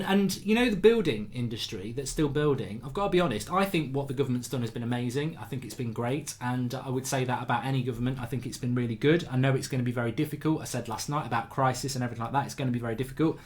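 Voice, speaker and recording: A man, hosting a casual livestream chat and telling rambling anecdotes full of restarts. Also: mid-range voice. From England. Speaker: show host.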